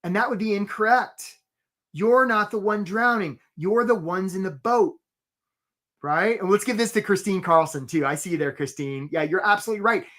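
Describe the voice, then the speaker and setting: A man's voice: high voice, moderate pace, pushed and bright. A man giving a motivational career coaching talk in a live webinar, often checking in with "right?". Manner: motivational, peppers lines with "right?".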